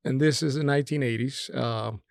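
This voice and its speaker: Middle-aged Puerto Rican man, Spanish first language, mid-pitched with gravelly fry, animated interview guest in a dead room. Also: a little fast, no echo, studio quality. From Puerto Rico. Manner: animated storyteller, hesitant fillers. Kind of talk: casual interview conversation.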